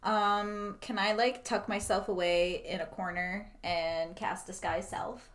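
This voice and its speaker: A woman chatting as a tabletop player, full of "like" and quick asides. Her voice sits at an ordinary pitch and she talks things through as she goes. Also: fairly even intonation, a bit bright. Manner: chatty, filler-heavy. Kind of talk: casual tabletop play.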